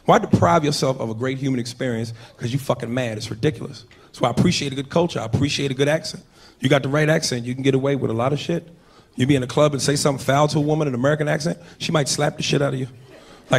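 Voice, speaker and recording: A man's voice: mid-range voice, very fast, creaky. A man doing a brash, profane stand-up routine on a comedy club stage. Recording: live club with crowd laughter.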